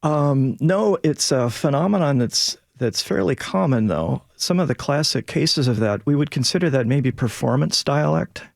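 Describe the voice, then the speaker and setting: A man who is a sociolinguist, guest on a radio show, explaining in a measured, lecturing way. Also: mid-range voice, expressive, creaky, no echo, studio quality. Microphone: studio mic.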